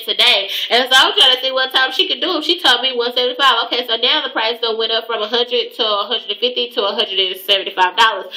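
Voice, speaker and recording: Bright-voiced woman ranting through a story. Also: a little high, rough recording. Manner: profane, animated storytelling with mocking quoted voices. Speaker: hair vlogger. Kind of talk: casual storytelling vlog.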